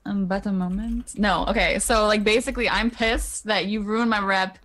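A woman's voice: mid-range voice, steady tone, moderate pace, a bit bright. Impulsive young-sounding female player. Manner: impulsive, laughing often. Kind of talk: tabletop game chat.

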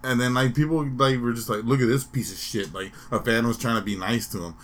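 A man's voice: medium pitch, a little fast, a bit bright. A man co-hosting a comedy podcast, rambling and swearing, with lots of fillers. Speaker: podcast co-host. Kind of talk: crude comedic podcast banter.

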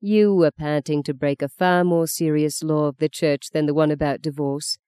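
Blunt, ironic old mother voiced by a woman narrator, knowing and pointed; dark, dry tone. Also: low voice, steady tone, moderate pace, clean tone, no room sound, close to an everyday voice. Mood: scornful. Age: older.

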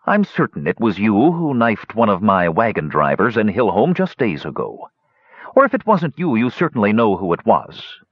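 A man voicing a cruel hunchbacked male dwarf savant, silky, mocking and sinister, with a husky voice. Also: on the low side, huge pitch swings, moderate pace, dry recording, muffled recording, full character voice.

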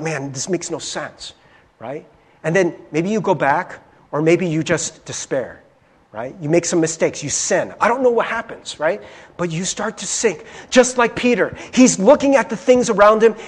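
A man's voice: high voice, husky. A man preaching a sermon as a pastor, talking in an easy conversational way, often checking in with his listeners and calling them friends. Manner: conversational, often asks "right?" and addresses "friends".

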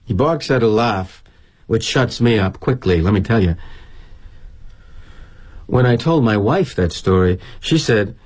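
A man's voice: on the low side, animated, measured pace, long pauses, a little mellow, husky. A middle-aged man performing a theatrical monologue as a corporate executive, wry and sardonic in a confiding tone.

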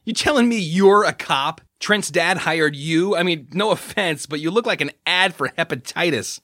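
A man voicing a brash, mouthy young man who taunts and shouts in a strained high voice. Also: normal speed, no echo, studio quality. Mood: mocking. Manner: shrill, taunting, shouting often. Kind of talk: audiobook character reading.

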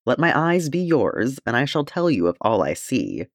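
A man's voice: mid-range voice, huge pitch swings, normal speed, no echo, clean studio sound. A man reading the part of a courteous, stalwart male dwarf warrior in an audiobook, in formal, gallant speech.

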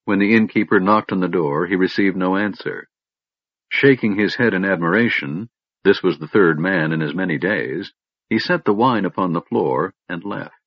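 A man narrating a fantasy audiobook in an expressive, dramatic storytelling manner. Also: low voice, moderate pace, no room sound. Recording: dull lo-fi recording.

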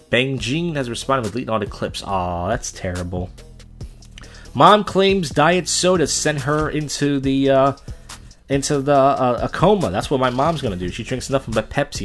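A man's voice: mid-range voice, a bit bright. A young man hosting a casual solo podcast, rambling and venting bitterly with plenty of swearing. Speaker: podcast host.

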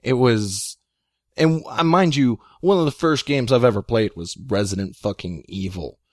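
Young man, casual chat, rambling excitable storytelling, dry recording. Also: mid-range voice, moderate pace, no room sound. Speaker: guest storyteller.

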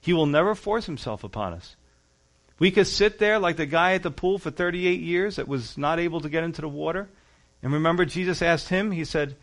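A man's voice: fairly high pitch, lively intonation, brisk, a bit bright. A man preaching a sermon as pastor, reading scripture and explaining it in an earnest, conversational way, stressing key words.

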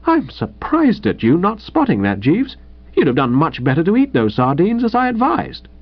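A man's voice: wildly swooping pitch, moderate pace, slightly rough, exaggerated voice. A man doing a flustered young gent. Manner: high-pitched and agitated. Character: excitable, flustered young gentleman. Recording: dull lo-fi audio.

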